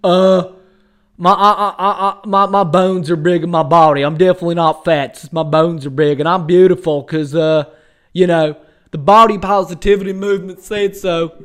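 A man's voice: high-pitched, fairly even intonation, normal speed, fairly bright tone, smooth. A man mocking a stammering internet troll. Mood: defensive, mocking. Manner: stammering, self-justifying. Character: defensive overweight male internet troll.

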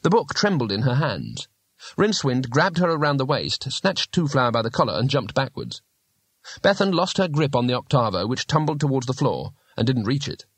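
An audiobook narrator, male and mid-range in voice, reads a fantasy novel aloud from the script in a measured storytelling manner. No room sound can be heard.

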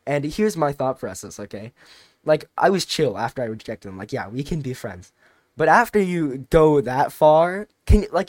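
A teenage guy recounting a story on a podcast, rambling and animated, stopping and restarting mid-sentence. His voice sits at a middle pitch, and the recording is dry and close, with no room sound. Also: no echo. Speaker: podcast co-host. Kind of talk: casual storytelling chat.

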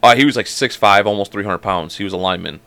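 Fast-talking man telling sports stories. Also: fairly low pitch, gravelly, a bit bright, no room sound. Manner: rapid storytelling, swears freely. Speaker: podcast co-host. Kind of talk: casual sports chat.

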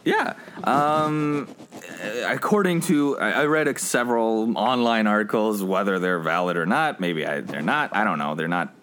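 Rambling low-voiced man chatting about a film. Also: animated, moderate pace, fairly bright tone, a little hiss or hum. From United States. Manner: rambling, many fillers, laughs often. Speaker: podcast co-host. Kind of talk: casual film review chat.

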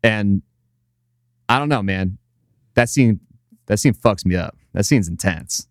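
In casual podcast chat, a male co-host with a very deep, smooth, resonant voice recounts a scene, profane and full of fillers. His intonation is lively and his pace measured, and the close, dry recording has no echo.

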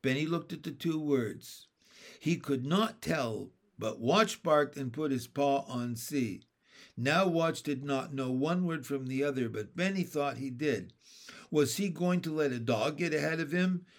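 A man reading a children's book aloud as narrator, slow and careful. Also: fairly high pitch.

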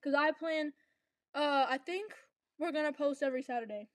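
A young woman with a high voice co-hosts a casual chat, recorded close and dry. She is chatty and playful, tossing in quick asides. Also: no room sound. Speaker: podcast co-host.

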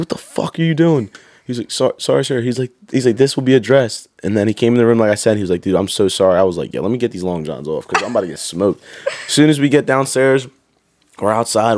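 A young man telling stories in a casual chat, animated and swearing, acting out drill instructors. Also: lowish voice. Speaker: guest.

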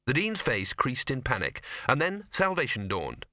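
This audiobook narrator is a man with a medium-pitched voice, reading at a moderate pace with hardly any pauses and no echo. He brings a comic fantasy novel to life in scripted narration, doing distinct voices for the many characters.

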